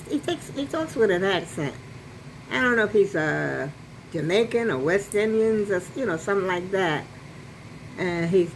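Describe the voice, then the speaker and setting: A woman's voice: on the low side, a little hiss or hum, poor audio. An older woman telling a rambling, chatty story to her phone camera at home. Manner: rambling, chatty, with many restarts and asides. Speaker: vlogger. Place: apartment at home. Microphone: phone on a selfie stick.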